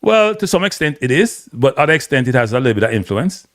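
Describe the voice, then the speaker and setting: Animated Jamaican man, blunt and lively. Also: mid-range voice, fast talker, no room sound, studio quality. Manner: animated, blunt, mixing patois with standard English. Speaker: host. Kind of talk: casual live-stream commentary.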